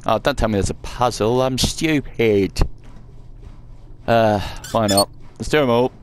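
A let's play gamer offers casual commentary while playing through a game, mocking himself and swearing now and then. His medium-pitched voice is unhurried, with a little hiss or hum in the recording.

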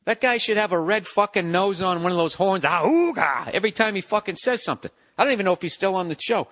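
A man's voice: sits high, fast talker, fairly bright tone. A man hosting his podcast alone, ranting sarcastically and with lots of swearing, breaking into mocking impressions. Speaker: podcast host. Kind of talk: solo rambling podcast monologue.

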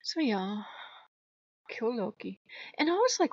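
A woman vlogging in casual chat, telling a story in an animated, exasperated way with frequent laughs. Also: on the high side, moderate pace, no echo, highs cut off. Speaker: vlogger on a spirituality channel.

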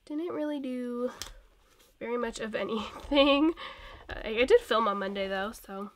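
Young woman vlogger, fairly high voice, sick with a cold, rambling and laughing casually. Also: moderate pace, a bit bright. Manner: chatty and rambling, laughs often. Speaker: planner vlogger. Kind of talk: casual plan-with-me chat.

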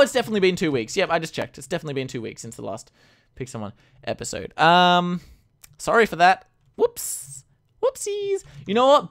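A man giving casual, excitable commentary on a game he is playing, moving from quiet mumbling to sudden loud outbursts. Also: fairly high pitch, clear, resonant tone. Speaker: gaming YouTuber. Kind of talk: casual Let's Play commentary.

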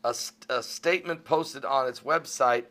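A man giving fervent religious commentary in a vlog, emphatic and exhorting, often climbing into loud outbursts. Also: mid-range voice, normal speed.

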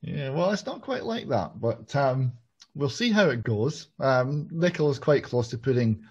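A man from Scotland, hosting an interview and speaking in a measured, analytical way. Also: mid-range voice, lively intonation, a little mellow, slightly rough. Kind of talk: political interview. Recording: muffled lo-fi audio.

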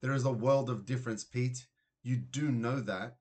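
A man voicing an excitable, gushing mother who works as a nail technician, in a children's storybook reading. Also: mid-range voice, moderate pace, slightly rough, lightly acted.

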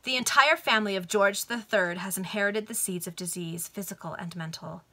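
A woman voicing a solemn, confiding Victorian countess in a read-aloud storybook, with a bright voice. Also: mid-range voice, a little fast. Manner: grave, confiding.

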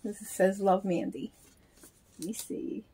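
A woman casually talking through opening a package in a chatty, halting way, counting things aloud. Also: mid-range voice, animated, mellow, breathy edge. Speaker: reborn doll vlogger. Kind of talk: casual unboxing vlog.

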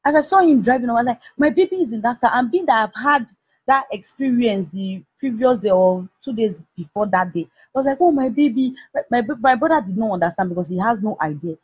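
A young Nigerian woman with a husky voice, heatedly retelling a personal story with many restarts. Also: on the high side, lively intonation, fairly quick, no echo. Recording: dull lo-fi recording.

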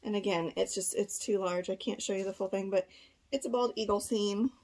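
A woman's voice: medium pitch, a little fast, darkish tone. A young pregnant woman, chatting casually while she shows her thrift finds. She thinks aloud with frequent fillers and is a little short of breath, seated in a room at home before a camera. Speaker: part-time online reseller. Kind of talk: casual thrift haul vlog.

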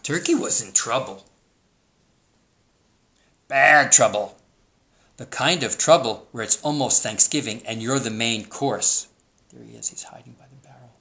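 A man's voice: mid-range voice, moderate pace, gravelly, fairly bright tone. A man teacher reading a children's picture book aloud, with amused, chuckling asides.

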